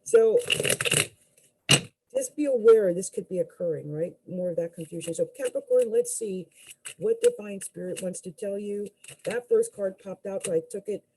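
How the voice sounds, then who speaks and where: A woman's voice: mid-range voice, normal speed, warm tone, a little hiss or hum, poor audio. A woman astrologer giving a live tarot reading, musing aloud with hesitant fillers and restarts and exclaiming in surprise as cards fall out.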